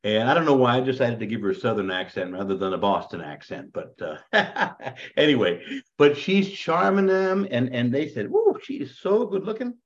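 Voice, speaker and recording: A man teaching a Bible class in a lively, joking way, hamming it up as he lectures. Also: medium pitch, moderate pace. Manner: animated, joking, self-described ham. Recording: dull lo-fi recording.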